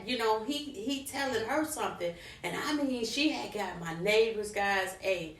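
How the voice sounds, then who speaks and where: A middle-aged woman vlogger, an animated storyteller speaking straight to her viewers. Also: mid-range voice. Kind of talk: personal story time. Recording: roomy, from a distance.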